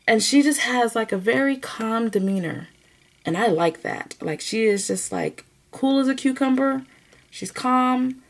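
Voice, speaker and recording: A woman's voice: a little high, moderate pace. A woman hosting a knitting podcast, chatting casually to camera with lots of laughter. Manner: chatty, animated, laughs often. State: emotional, near tears at times.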